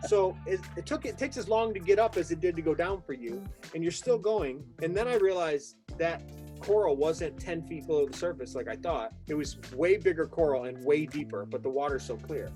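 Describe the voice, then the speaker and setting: A man hosting a casual talk show, retelling a story in a lively, excitable way and acting out what people said. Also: fairly high pitch, a little fast, soft background music. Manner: excitable, vivid retelling with acted-out quotes. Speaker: podcast host. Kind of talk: animated storytelling in casual conversation.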